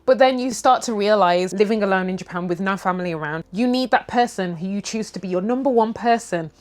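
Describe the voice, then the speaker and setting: A woman's voice: mid-range voice, fast talker. A young woman from the UK chatting candidly over tea, talking frankly, swearing casually and acting out little quotes. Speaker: vlogger.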